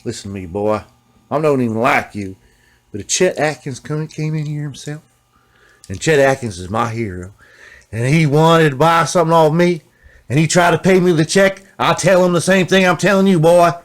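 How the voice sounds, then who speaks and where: A man putting on a gruff, stubborn old shop owner. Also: on the high side, normal speed, pitched above the performer's own voice, close to an everyday voice. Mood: scolding. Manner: blunt, scolding, calls listener boy.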